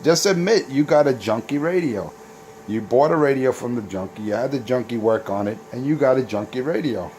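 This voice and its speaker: A man's voice: medium pitch, lively intonation, brisk, background noise. A man hosting a casual CB radio video, boasting and taunting rival operators with trash talk. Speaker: CB radio operator and channel host.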